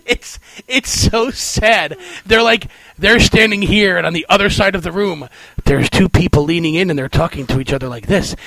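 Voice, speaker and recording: A man with a slightly high voice tells a story in a lively, mocking tone, unable to believe how bad the thing he is describing is. The sound is dry and close, with no room echo. Casual comedic chat. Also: moderate pace. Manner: animated storyteller, mocking and incredulous.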